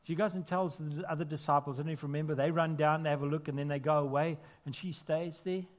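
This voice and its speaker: A man preaching to his congregation, his voice pitched a little above the usual. He speaks earnestly, lifting to strong, emphatic peaks and then sinking into quiet, close asides. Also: fairly even intonation, quick pace. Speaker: pastor. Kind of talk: sermon. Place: church.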